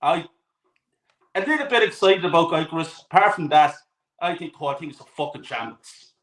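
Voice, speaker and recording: A man's voice: fairly high pitch, lively intonation, moderate pace, a bit bright, roomy sound, low-quality recording. A man on a football fan panel, blunt and exasperated, swearing freely as he vents about his club. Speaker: panel guest. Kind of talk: heated football panel chat.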